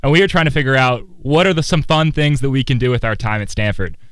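A man's voice: mid-range voice, fast, a bit bright, clean tone, no echo. A young man, a college student, hosting a casual radio chat with friends in a loose, rambling way. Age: young adult. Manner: rambling, playful. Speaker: college radio show host.

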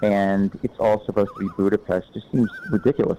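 A man's voice: on the low side, fairly even intonation, brisk, dark tone, a little hiss or hum, low-quality recording. A man in casual film chat, giving blunt, opinionated takes.

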